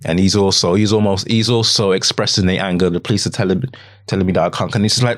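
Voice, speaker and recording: A man on a podcast recounting a painful personal experience. He speaks haltingly, repeats phrases, quotes his own words, and often drops to a hushed voice. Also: deep voice, steady tone. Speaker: podcast guest. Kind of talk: emotional personal account.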